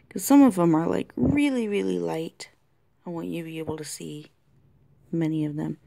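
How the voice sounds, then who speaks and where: A woman talking through a colored-pencil tutorial in a chatty way, thinking aloud and often dropping to a soft whisper. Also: on the low side, normal speed, gravelly. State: has the hiccups. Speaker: art tutorial host. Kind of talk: casual drawing tutorial narration. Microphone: camera mic close to the desk.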